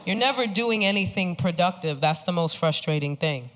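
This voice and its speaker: A woman's voice: lowish voice, expressive, normal speed, fairly bright tone, a little hiss or hum. A woman performing a stand-up comedy set, acting out the people she quotes with big jumps in her voice.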